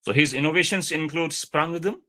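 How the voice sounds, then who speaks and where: A man lecturing over a video call, explaining slowly with many fillers and repeated points. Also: fairly high pitch, pushed and bright.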